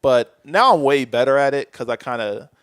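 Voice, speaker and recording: A man's voice: mid-range voice, expressive, normal speed, a bit bright, clear, resonant tone, no room sound. A man talking candidly as a podcast guest in a casual chat, reflective and often trailing off mid-thought.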